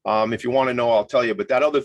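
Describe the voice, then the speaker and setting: A man's voice: medium pitch, fairly even intonation, racing. Playful, hyped male talk-show host. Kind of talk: casual talk show hosting.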